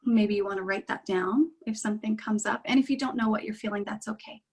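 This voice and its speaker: Woman meditation guide: unhurried, reassuring delivery, slightly breathy tone. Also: mid-range voice, rough recording.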